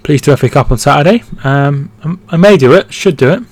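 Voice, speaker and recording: A man's voice: on the high side, brisk, a little mellow. A man hosting a live football watchalong, chatting casually, reading out viewer comments and reacting to the play. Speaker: football stream host.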